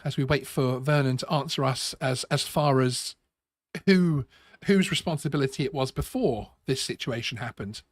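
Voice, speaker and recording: A man's voice: medium pitch, no echo, studio quality. A man hosting a live stream, talking casually with many restarts and a sarcastic edge. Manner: halting, repeats words, sarcastic. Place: home studio.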